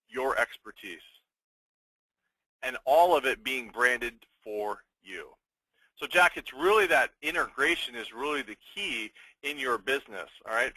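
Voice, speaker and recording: A man hosts a sales webinar with a bright, somewhat high voice, recorded dry and close. He pitches in an upbeat way, firing off rhetorical questions and answering them himself, and checks in with the audience with a quick "okay?". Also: dry recording, poor audio. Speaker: webinar host.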